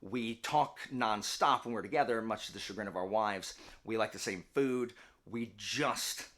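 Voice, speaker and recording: A man's voice: fairly low pitch, normal speed, a bit bright. A man in his late thirties with a Southern US accent, chatting casually to camera as a vlogger and teacher, rambling with many restarts and asides. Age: late 30s. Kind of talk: casual personal chat to camera.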